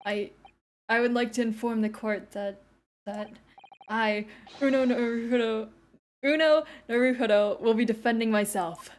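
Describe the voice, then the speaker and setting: Woman voicing a jumpy young guy on trial, stammery, a bit high. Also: normal speed, lightly acted. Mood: anxious. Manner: anxious, hesitant. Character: nervous young male defendant.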